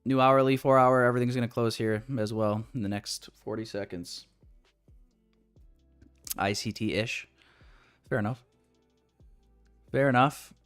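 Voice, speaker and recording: A man's voice: mid-range voice, fairly even intonation, measured pace, long pauses, clear, resonant tone, faint music behind. A man streaming live while day trading, bantering with his chat in a joking, profane, casual way.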